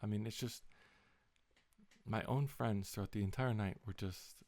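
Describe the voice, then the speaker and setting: A man's voice: lowish voice, steady tone, normal speed, a little mellow, no room sound. A young man in a casual, rambling vlog, retelling a story in an exasperated tone with lots of swearing. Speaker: vlogger.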